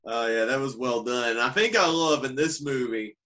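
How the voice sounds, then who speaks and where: Male podcast guest, mid-pitch voice, enthusiastic casual film talk. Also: moderate pace, sharp tone, lo-fi sound. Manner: enthusiastic, acts out quotes. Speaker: podcast co-host. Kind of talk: casual movie review chat.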